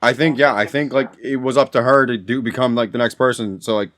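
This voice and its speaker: A man co-hosting a podcast, excitable and stumbling over words in casual chat. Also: medium pitch, fast. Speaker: podcast co-host.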